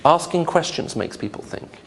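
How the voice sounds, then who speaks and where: A man lectures to a live audience with lively, swooping intonation and a fairly high voice. He teases his listeners with rhetorical questions and jokes. Faint noise sits under the recording. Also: normal speed. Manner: humorous, rhetorical questions, animated. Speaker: lecturer on apologetics.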